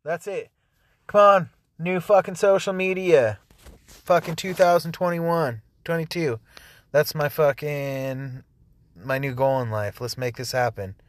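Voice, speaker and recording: A man's voice: fairly high pitch, measured pace, dry recording. A man hosting a music show, ranting angrily and swearing heavily between songs. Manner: angry, swearing, rambling. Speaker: show host.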